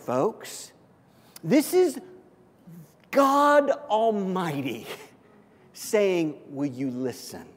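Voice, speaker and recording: A man preaching a sermon as a pastor, animated and conversational with frequent asides to the congregation. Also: sits high, long reverb tail. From Kansas City area.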